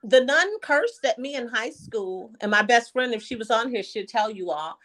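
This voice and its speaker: A woman's voice: a little high, moderate pace. A woman telling stories in casual chat on a livestream call. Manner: animated storyteller. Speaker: livestream guest.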